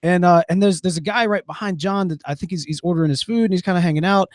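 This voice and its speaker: A hoarse man, co-hosting a podcast and telling a rambling story full of fillers. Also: high voice, fast, no room sound, studio quality. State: hoarse, losing his voice. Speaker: podcast co-host. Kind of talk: casual chat.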